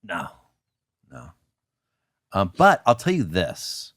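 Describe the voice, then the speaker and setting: A man's voice: low voice, takes it slowly, no echo, clean studio sound. A middle-aged male comedian telling a self-deprecating anecdote as a guest, acting out the lines he quotes. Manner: lively storyteller, self-deprecating, acts out quotes.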